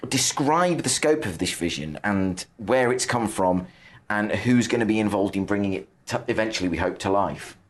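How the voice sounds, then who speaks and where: A man with a fairly low voice hosts a podcast interview. He asks his questions in an animated, chatty way and reacts with enthusiasm. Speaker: podcast host.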